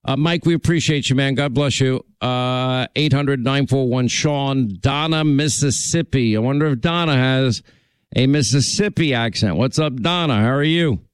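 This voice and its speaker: A man's voice: mid-range voice, normal speed, smooth, no echo. A man hosting a call-in radio talk show, chatting with callers in a friendly, rambling way.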